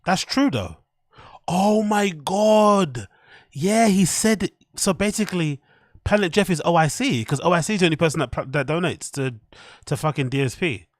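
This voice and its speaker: A man's voice: on the high side, animated, brisk, no echo, studio quality. A man, commenting to his chat on a live stream in a rambling, profane way.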